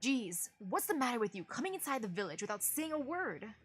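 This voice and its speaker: A woman voicing a wary, hostile male village farmer who speaks defensively and gruffly while reading a game's story aloud. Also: on the high side, very animated, fairly quick, soft background music. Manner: defensive and gruff, turning scornful.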